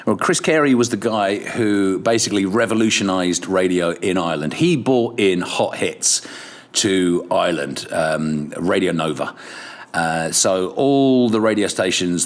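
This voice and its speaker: A middle-aged man, a radio presenter, telling stories in casual chat, swearing, laughing and acting out what others said. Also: deep voice. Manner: swearing, laughing storyteller who acts out quotes. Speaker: radio presenter, podcast guest.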